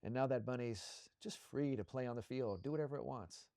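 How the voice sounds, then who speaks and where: Calm man leading a guided visualization. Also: mid-range voice, gravelly, no room sound, clean studio sound. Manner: slow, soothing, repetitive coaching cues.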